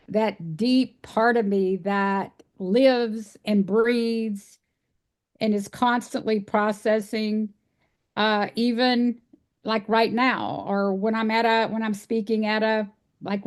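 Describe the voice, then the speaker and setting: A woman with a Texan accent, a guest in an interview, telling her story in an earnest, folksy, unhurried way. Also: medium pitch. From Texas. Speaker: guest, animal rights speaker. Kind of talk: casual interview conversation.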